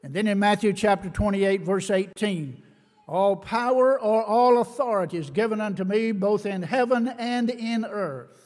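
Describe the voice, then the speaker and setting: High-voiced preacher in a reverberant church. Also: male voice, darkish tone. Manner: emphatic, slows and stresses key words; reads scripture in old-fashioned wording. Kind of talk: sermon. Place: church sanctuary. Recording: long reverb of a church hall.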